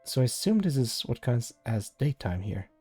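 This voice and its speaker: A man reads a web novel aloud on a live stream, narrating in the first person and breaking off for casual asides. His voice is mellow and dark. Faint music plays behind him. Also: mid-range voice, big pitch swings, normal speed, slightly rough. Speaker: live-stream story reader.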